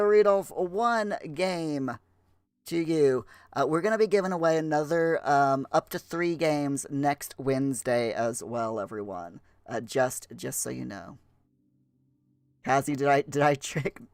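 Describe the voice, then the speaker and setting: A man hosting a game livestream in chatty, halting speech full of fillers, putting on a rough Scottish accent. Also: on the high side, no room sound. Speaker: livestream host. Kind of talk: casual livestream chat.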